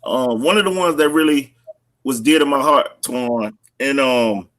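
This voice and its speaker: A man's voice: mid-range voice, a little slow, fairly bright tone, rough recording. A middle-aged man, a minister, talking earnestly in a casual panel discussion, often repeating words as he builds a point. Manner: earnest, repeats words when fired up, preacherly.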